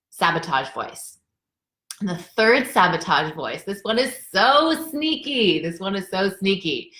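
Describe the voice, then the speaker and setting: A woman's voice: lowish voice, fairly bright tone, roomy sound. A woman life coach talking earnestly and conversationally to viewers on a live stream, addressing them directly.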